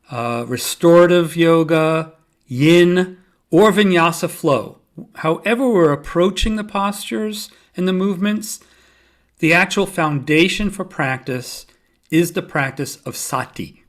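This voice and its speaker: A man hosting his own podcast, explaining yoga and mindfulness in a calm, measured teaching voice with gentle humor. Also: a little high. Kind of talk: solo podcast talk.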